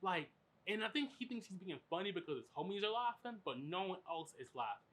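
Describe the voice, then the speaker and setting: A man hosting a podcast, telling a story in animated, profane, filler-heavy casual chat. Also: high voice, fast talker. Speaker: podcast host.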